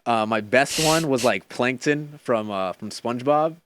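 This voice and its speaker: A young man guests on a casual podcast and tells his stories in an animated way, filling his sentences with "like" and "um". His voice sits at an average pitch and is heard close and dry. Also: a little slow, dry recording. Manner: animated storyteller, many fillers.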